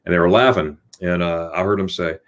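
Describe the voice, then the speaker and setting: A man's voice: low-pitched, fairly even intonation, fairly quick. A man hosting a casual livestream chat over a video call, telling stories animatedly with many restarts. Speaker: host.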